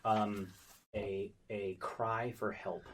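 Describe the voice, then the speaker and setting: A man narrating as game master of a tabletop game, halting, with many ums and restarts. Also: on the low side, level tone, slight background noise, poor audio.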